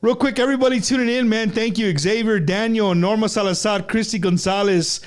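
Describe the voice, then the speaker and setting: A man's voice: high-pitched, a little fast, clear, resonant tone. A man hosting a live show, chatting casually with a guest, joking and laughing often as he tells playful stories. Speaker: show host. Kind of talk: casual live interview chat.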